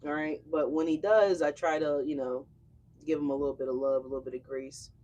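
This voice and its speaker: A woman's voice: low voice, steady tone, fairly quick, dark tone, muffled recording. Brash, chatty woman reading tarot. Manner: chatty, brash and profane, addresses viewers directly. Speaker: tarot reader.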